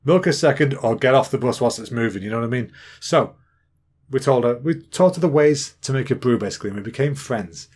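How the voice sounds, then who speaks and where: A man's voice: mid-range voice, expressive, fairly quick, darkish tone. English guy in his 30s rambling on his podcast, chatty and jokey. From England. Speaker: podcast host. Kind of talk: casual storytelling monologue.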